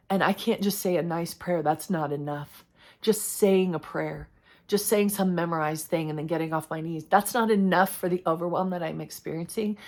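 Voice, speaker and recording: A woman hosting a Christian video, talking candidly and with feeling about prayer and sometimes acting out what she prays. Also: fairly low pitch. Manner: heartfelt, candid, acts out her prayers. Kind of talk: earnest conversational devotional talk.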